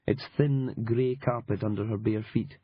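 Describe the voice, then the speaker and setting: A man narrating an audiobook in a dry, wry and measured manner. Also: fairly low pitch, fairly even intonation, slightly rough, no echo. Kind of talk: scripted narration. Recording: dull lo-fi audiobook recording.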